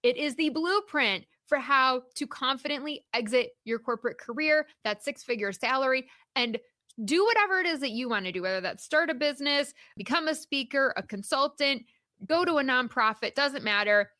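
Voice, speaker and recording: A woman hosting a solo motivational podcast as a career coach, encouraging and emphatic, slowing down to stress key points. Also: high voice, lively intonation, bright, forceful tone, no echo, clean studio sound.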